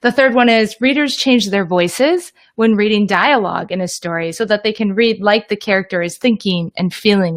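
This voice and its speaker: A woman explaining reading lessons to teachers in an upbeat, direct teaching talk. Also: medium pitch. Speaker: teacher trainer.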